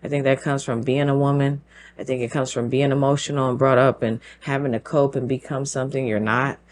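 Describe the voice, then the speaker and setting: A woman's voice: very deep voice, level tone, fairly quick. Lady host ranting solo, punchy rhetorical questions, bits of laughter. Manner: emphatic, fires rhetorical questions. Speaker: show host. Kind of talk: opinion monologue.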